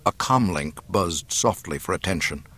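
A man narrating an adventure novel in a measured storytelling manner into a close mic. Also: low-pitched, lively intonation, pushed and bright, slightly rough. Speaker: audiobook narrator. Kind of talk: scripted narration.

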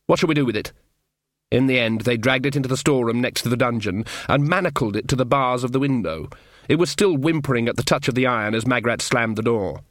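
A man narrating a story in a wry, measured way. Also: medium pitch, no echo, studio quality. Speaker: audiobook narrator. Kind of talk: scripted narration.

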